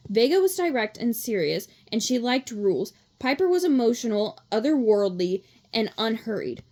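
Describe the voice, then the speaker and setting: A woman reads a children's novel aloud for a read-along, her voice sitting fairly high. She keeps a steady pace, now and then tripping over a word and correcting herself before carrying on. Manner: steady reading with small slips and self-corrections.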